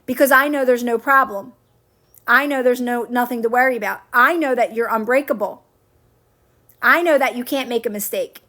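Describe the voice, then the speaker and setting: A woman's voice: a little high, normal speed, sharp tone. A woman coaching viewers on a livestream, chatting casually, answering comments and repeating her phrases to reassure. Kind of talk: casual live-stream chat answering comments.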